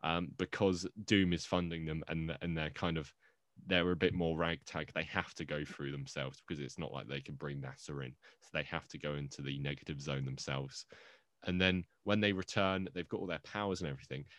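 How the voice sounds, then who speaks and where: A man's voice: very deep voice, fairly even intonation, fairly quick, fairly bright tone, dry recording. A man co-hosting a movie podcast in casual, rambling, jokey chat, often interrupting himself. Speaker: podcast co-host.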